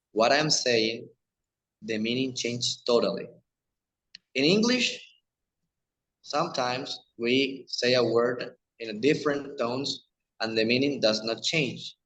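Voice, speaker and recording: Male teacher, mid pitch, hesitant lecture delivery with fillers. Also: a bit bright, rough recording. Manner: hesitant, many fillers and restarts. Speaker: teacher presenting a lesson. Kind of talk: explaining slides in a lecture.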